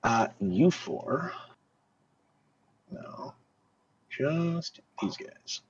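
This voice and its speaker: A man's voice: a little high, lively intonation, very slow, breathy edge, dull audio. A young man running a tabletop game as game master, casual and loose, with lots of filler words and swearing.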